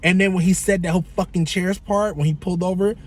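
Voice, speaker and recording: Man, vlogger, higher-pitched voice, profane exasperated rant, casual storytelling. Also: steady tone, fast, slight background noise.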